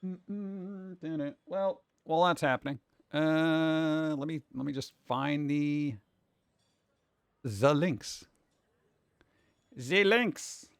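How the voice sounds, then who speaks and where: Speaking very slowly and pausing often, this male livestream artist has a slightly high, smooth voice. He rambles casually to chat while working and walks viewers through the task step by step, all in dry, studio-quality audio.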